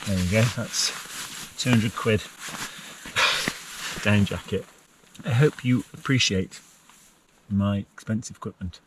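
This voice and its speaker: A man's voice: lowish voice, slow, long pauses. A man camping in a tent in a forest, chatting casually to the camera and talking to his dog in a fond, sing-song voice. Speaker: vlogger. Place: inside a small tent in a forest. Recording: distant mic with clear background noise. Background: rain and outdoor noise.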